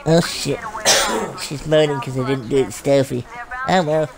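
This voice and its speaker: A woman giving brash, profane comedic commentary while playing a game, yelling insults at enemies. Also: a bass voice, a little slow, heavy background noise. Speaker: gameplay commentator. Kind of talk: comedic let's-play commentary. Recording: game sounds loud behind the voice.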